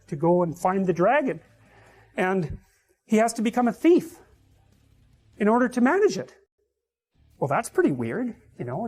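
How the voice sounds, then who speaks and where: A man's voice: high-pitched, a little mellow. A man giving a reflective, lecture-style explanation, searching for words as he builds his point. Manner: thoughtful, searching, repeats words while building ideas. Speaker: psychology lecturer. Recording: with faint music underneath.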